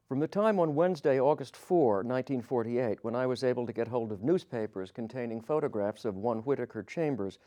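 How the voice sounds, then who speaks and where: A man's voice: mid-range voice, dark tone. Man narrating history, reading quotes. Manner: reads quoted dialogue with light changes of tone; slips and corrects himself as he reads. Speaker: podcast narrator.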